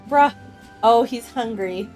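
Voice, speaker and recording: A woman in her thirties chatting casually with her chat while streaming a game, bubbly and quick to laugh. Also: a little high. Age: 30s. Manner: giggly and bubbly, laughs often.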